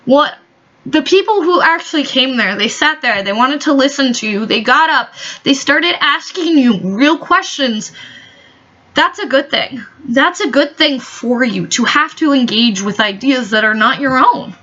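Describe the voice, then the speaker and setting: High, bright-voiced ranting woman. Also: expressive, unhurried. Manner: profane, heated, sarcastic. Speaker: vlogger. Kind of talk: ranting commentary vlog. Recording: dull lo-fi recording.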